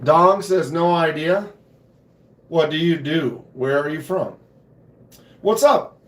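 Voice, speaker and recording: Hoarse man chatting on a live stream. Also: a little high, slow pace, echoey room, background noise. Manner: laid-back, chatty, clears throat often. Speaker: knife channel host. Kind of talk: casual live stream chat. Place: home knife room.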